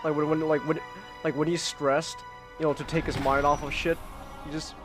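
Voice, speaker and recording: A podcast host chatting casually on a livestream, excitable and quick to laugh. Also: mid-range voice, poor audio. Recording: livestream with faint music.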